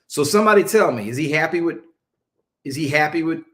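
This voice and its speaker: A male preacher teaching a Bible-study sermon, emphatic and conversational, drawing answers from his listeners and slowing down to stress scripture. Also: a little high, expressive, fairly bright tone. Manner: casual Southern-leaning vernacular, mocking asides.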